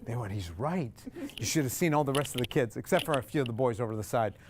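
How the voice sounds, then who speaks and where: A man's voice: mid-range voice, rapid-fire, background noise. A man teaching a group singing workshop, joking and singing lines to demonstrate. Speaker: singing instructor.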